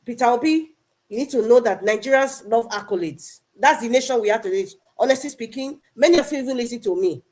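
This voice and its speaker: A woman's voice: fairly high pitch, darkish tone. A woman speaking earnestly in a live online audio discussion, often repeating herself and calling out to people by name. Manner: earnest, repetitive, addresses people directly. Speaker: online political discussion participant.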